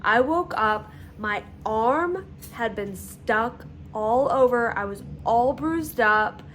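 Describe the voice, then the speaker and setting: A woman telling her own story in a vlog, candid and halting, with frequent fillers and pauses as she recalls events. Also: on the high side, expressive, fairly bright tone, a little hiss or hum.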